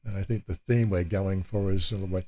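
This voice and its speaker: A man's voice: deep voice, steady tone, a little fast, warm tone. Rambling, hesitant male vlogger. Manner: meandering, hesitant, many fillers and restarts. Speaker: channel host. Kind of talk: casual rambling vlog talk.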